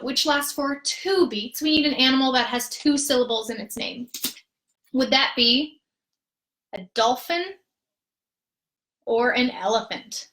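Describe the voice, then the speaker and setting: A woman with a slightly high voice leads a live-streamed rhythm lesson as a music therapist. She is patient and upbeat and counts out the beats slowly and clearly. Her voice rings in a roomy, echoey space. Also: fairly bright tone. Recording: roomy echo.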